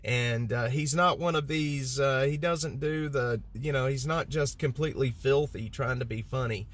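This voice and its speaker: A man's voice: medium pitch, normal speed, slight background noise. A man from Texas, chatting casually to his live-stream audience, rambling and poking fun at himself. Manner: rambling, self-mocking, talks to chat. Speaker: livestreamer.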